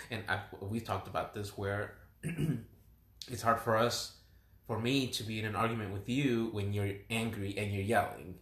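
Low-voiced reflective man in echoey room. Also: a bit bright. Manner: reflective, hesitant, many restarts. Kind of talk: casual conversation. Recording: roomy echoing room.

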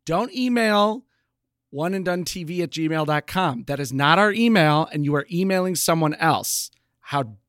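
A man's voice: on the high side, a bit bright, no room sound, clean studio sound. A young man co-hosting a podcast, casually riffing jokes and goofy tangents. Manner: joking, playful riffing. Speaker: podcast co-host. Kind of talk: casual chat.

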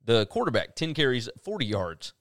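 A man co-hosts a casual football podcast, working through numbers with emphatic delivery. His pitch moves a lot, and the recording is dry and close. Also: big pitch swings, moderate pace, a bit bright, no room sound. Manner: runs through stats, emphatic. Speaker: podcast co-host. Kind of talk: casual sports talk.

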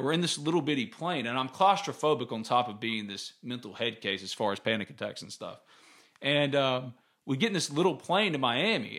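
A man's voice: mid-range voice, fairly bright tone. A man, hosting a casual sports podcast and telling stories in a candid, rambling way. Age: 30s. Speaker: podcast host.

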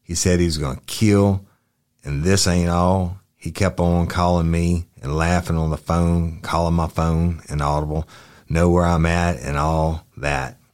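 A man reading aloud the words of a young male witness answering police questions, halting and polite with many fillers. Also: low-pitched, little pitch movement, a little mellow. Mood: subdued.

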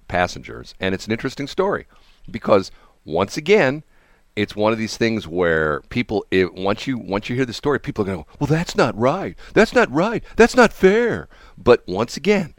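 A man's voice: fairly low pitch, no room sound, clean studio sound. A man hosting a radio morning show, chatting casually and rambling, with frequent laughs. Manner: animated, rambling, laughs often. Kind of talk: casual on-air chat.

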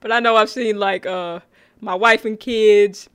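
A woman's voice: medium pitch, fairly even intonation, measured pace, a bit bright, smooth, no echo, clean studio sound. A woman co-hosting a casual chat, talking easily, laughing often and reading out comments from the chat. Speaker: co-host of a sitcom recap stream. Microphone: own mic.

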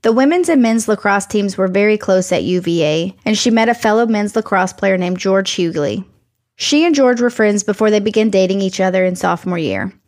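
A woman's voice: medium pitch, expressive, a little fast, a little mellow. Plainspoken woman co-hosting a podcast. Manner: friendly, plainspoken, reads the case out. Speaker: podcast co-host. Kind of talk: casual chat and case narration.

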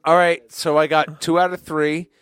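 A drunk man hosting a podcast party game, loud and swearing. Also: a little high, little pitch movement, normal speed. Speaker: podcast host. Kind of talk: drunk casual banter.

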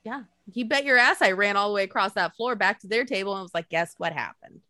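A woman co-hosting a casual chat, telling lively stories, swearing freely and acting out quotes. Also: mid-range voice, fast, no echo, clean studio sound. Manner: animated storytelling, swears freely, acts out quotes. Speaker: podcast co-host.

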